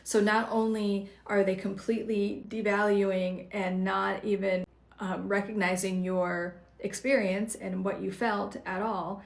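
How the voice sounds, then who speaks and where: Woman coach, talks straight to viewers, slight fry, echoey room. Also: medium pitch, little pitch movement, a little slow. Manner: direct, conversational, many "like" fillers. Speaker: psychology coach. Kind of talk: livestream advice talk. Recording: roomy echo.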